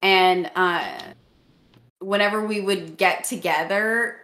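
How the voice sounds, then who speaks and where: A woman's voice: on the low side, slow, a bit bright, echoey room, a little hiss or hum. A woman from Illinois with a mixed Southern and Midwestern American accent, chatting casually while gaming on a stream. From Illinois, United States. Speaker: gamer on a stream.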